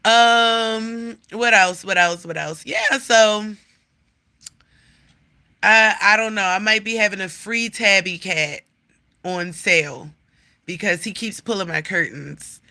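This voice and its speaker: A woman's voice: mid-range voice, slow, pushed and bright. A woman chatting casually on a livestream, rambling, swearing freely and scolding her cat. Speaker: livestream host.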